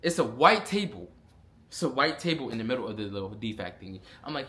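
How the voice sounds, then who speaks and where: A young man vlogging a casual storytime, animated and full of slang and profanity. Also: medium pitch, fast talker, slight background noise.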